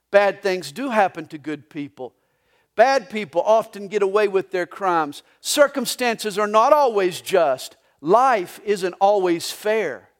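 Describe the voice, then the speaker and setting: Man, pastor, lively sermon in church, high voice, folksy anecdotes and humor. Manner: storytelling with jokes and anecdotes. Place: church sanctuary during a live service.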